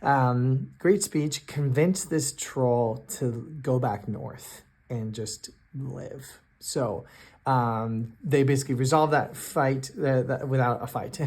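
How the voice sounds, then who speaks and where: Man, mid-pitched, running a solo tabletop game; halting, thinks aloud. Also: darkish tone. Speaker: solo game master and player. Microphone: self-recorded on camera.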